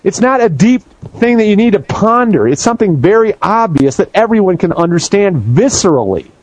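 A man's voice: high voice, sing-song, fairly quick, poor audio. Profane, ranting male talk-radio host. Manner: angry, profane, shouting. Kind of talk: heated talk-radio rant.

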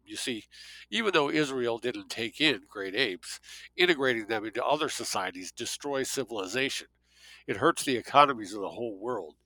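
A man voicing a calm, persuasive male agent who speaks in a measured, lecturing monologue. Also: mid-range voice, vocal fry, no room sound, low-quality recording.

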